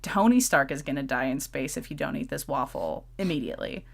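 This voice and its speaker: A woman's voice: sits low, big pitch swings, a little fast, creaky. A woman co-hosting a podcast, chatting playfully and laughing often. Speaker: podcast co-host. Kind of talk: casual chat.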